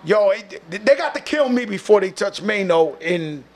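A man with a New York accent, a guest telling a long story in a casual, animated, slangy way. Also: high-pitched, normal speed. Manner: animated, slangy, profane, acts out other people's voices.

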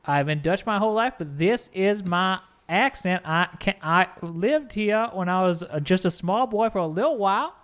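A man's voice: a little high, sing-song. A man playing a rambling, bumbling lawyer. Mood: flustered. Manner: rambling, halting, full of fillers. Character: bumbling male defense lawyer claiming a Dutch past. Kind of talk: improvised courtroom comedy.

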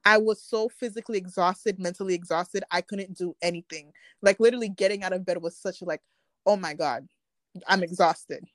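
A woman's voice: lowish voice, fairly quick, no room sound. Young woman telling candid stories. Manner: candid, emotional storytelling with quoted dialogue. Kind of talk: casual chat.

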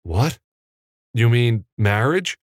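A man's voice: medium pitch, animated, slow pace, no echo, clean studio sound, pitched above the performer's own voice. A man playing an earnest young male film editor who speaks in a sincere, eager way.

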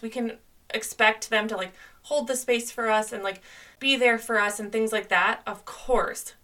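A woman's voice: mid-range voice, pushed and bright, distant mic. A young woman hosting a podcast, talking through relationship advice in an earnest, conversational way with lots of "like"s. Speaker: podcast host. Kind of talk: solo podcast advice talk.

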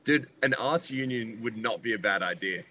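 Man, low voice, casual podcast chat, animated and sweary. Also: normal speed. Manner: animated storyteller who swears freely and acts out other people. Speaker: comedian co-host.

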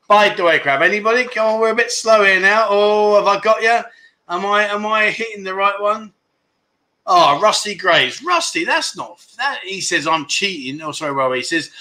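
Bright-voiced man hosting a jokey livestream. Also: high-pitched. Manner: jokey, teasing viewers, laughs often. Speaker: livestream host. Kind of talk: casual livestream chat reading viewer comments.

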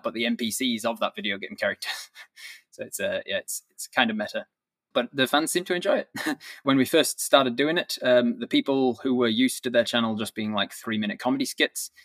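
A man, a dungeon master, talking as an interview guest in a relaxed, explanatory way with occasional chuckles. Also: mid-range voice, moderate pace, dry recording. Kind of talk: casual interview.

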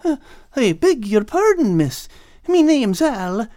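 A man's voice: very high-pitched, sing-song, slow pace, dark tone, dry recording, studio quality, voice pushed up, heavily acted. A man voicing a big, nervous male cat in an audiobook, hesitant and apologetic. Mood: pleading.

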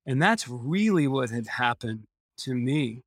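A man's voice: medium pitch, animated, a little slow, no room sound, studio quality. A man, a podcast guest, telling a personal story in an earnest way and repeating phrases for emphasis.

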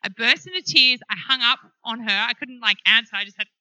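Frank, lively woman founder on a panel; slightly high, dry close-miked voice. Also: a little fast, dry recording, poor audio. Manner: animated, frank storyteller. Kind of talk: live panel discussion.

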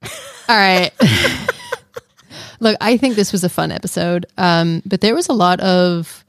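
A woman co-hosting a fan podcast in casual chat, animated and playfully defensive. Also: on the low side, unhurried, no room sound, clean studio sound. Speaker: podcast co-host.

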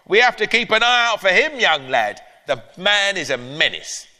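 A man voicing a cheeky, bossy old grandmother in a loud, shrill, animated voice, reading a storybook aloud to an audience. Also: normal speed, heavily acted. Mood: gossipy. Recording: echoey live hall.

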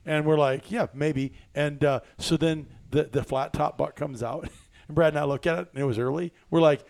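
A man's voice: a little high, normal speed, vocal fry, hardly any pauses, no echo. A man hosting a hunting chat, telling stories with lots of laughs and quoted voices. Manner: excited storyteller, laughs often, acts out quotes. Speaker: hunting podcast host. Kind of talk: casual storytelling chat.

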